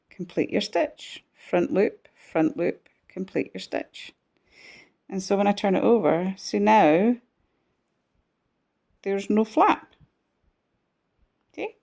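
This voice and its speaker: A woman's voice: medium pitch, gravelly, dark tone. A woman giving a chatty, self-deprecating crochet tutorial while she stitches on camera.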